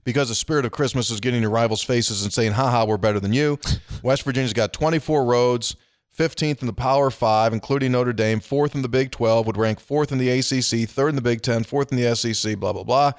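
A man's voice: medium pitch, a little fast, no echo. A man co-hosting a casual sports podcast, telling stories and reading listener emails with dry asides. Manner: storytelling, reads emails aloud with dry asides.

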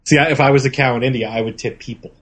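A wry man with a husky voice, guesting on a loose comedy podcast. He tells jokey stories and laughs along with the hosts. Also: medium pitch, steady tone, rapid-fire, a bit bright. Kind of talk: casual comedy podcast chat.

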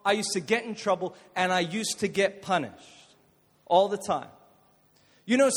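A man preaching a jokey, energetic youth sermon to a live audience in a church hall, calling on listeners to respond. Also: very high voice. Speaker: youth pastor. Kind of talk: youth sermon with jokes and stories.

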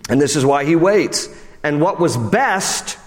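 Man preaching, casual sermon, slightly high voice, emphatic highs and hushed lows, church hall reverb. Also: lively intonation, unhurried. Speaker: pastor. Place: church sanctuary.

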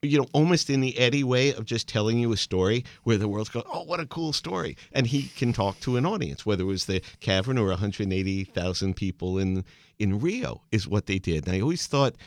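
A man's voice: fairly low pitch, animated, a little fast, no room sound. A man hosting a casual chat, telling stories with enthusiasm. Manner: enthusiastic storyteller, chatty. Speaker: host.

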